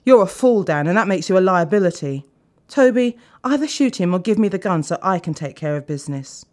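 A woman voicing a male crime boss who speaks softly, slickly and with menace. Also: on the low side, animated, a little fast, close to an everyday voice. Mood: cold anger.

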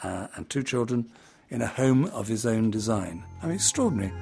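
A man's voice: medium pitch, sing-song, moderate pace, gravelly, darkish tone, slightly rough, soft background music. Chatty man giving a talk. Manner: chatty, with fillers. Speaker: presenter. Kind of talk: casual spoken talk.

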